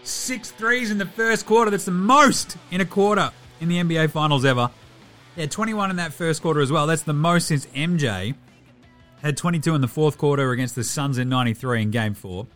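Aussie guy doing a quick basketball recap, bit higher voice, swears and jokes around, faint music under it. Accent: Australian. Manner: animated, swearing, self-mocking, quick stat rundowns. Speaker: basketball podcast host. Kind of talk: casual game recap.

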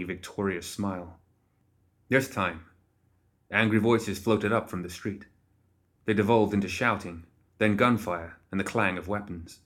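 A man reads a fantasy audiobook in a measured, even way. His voice sits on the low side, and the telling is calm and steady. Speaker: narrator. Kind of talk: scripted audiobook narration.

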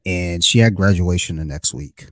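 A man with a low, deep voice hosts a podcast in relaxed conversation. He tells self-deprecating stories in an easygoing way. The sound is dry and close, with no room echo. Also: normal speed. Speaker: podcast host. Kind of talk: casual chat.

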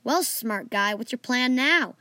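A woman's voice: on the high side, animated, fairly quick, dry recording. A woman voicing a smug, sarcastic kid companion in a storybook reading. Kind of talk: storybook character voice.

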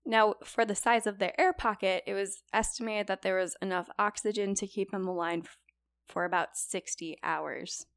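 Chatty young woman with a gravelly edge. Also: medium pitch, normal speed, dry recording, studio quality. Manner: chatty, many likes and you-knows, lively retelling. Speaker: podcast co-host telling a true story. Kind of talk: casual storytelling chat.

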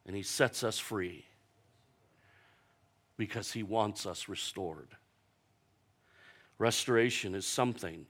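Delivering a sermon, this male pastor brings his stories to life by voicing characters with sharp leaps in pitch and volume. For emphasis, he slows way down and repeats key lines.

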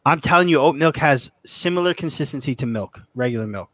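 A man's voice: on the high side, lively intonation, a bit bright, no echo. Man, young adult, co-host, chatty and joking, dry sound. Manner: chatty, joking, quick restarts. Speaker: co-host of a football podcast. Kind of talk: casual chat.

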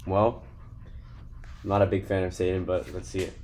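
A man's voice: deep voice, flat delivery, moderate pace, darkish tone. A young man co-hosting a podcast, chatting casually with short, easygoing replies. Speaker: podcast co-host.

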